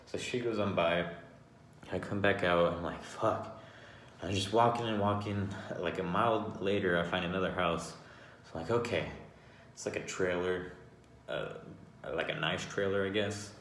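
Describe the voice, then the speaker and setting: A man with a low, deep voice tells a personal story casually and with lots of swearing. He often stops and restarts his sentences. The voice bounces around an echoey room, with a faint hiss underneath. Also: normal speed. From Arizona, United States. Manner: profane, animated, with frequent restarts.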